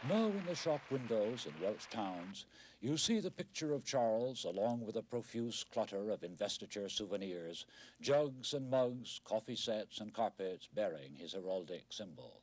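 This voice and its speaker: A middle-aged man narrating a television news report in a measured, wry documentary style. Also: on the low side, very animated, a little mellow, a little hiss or hum.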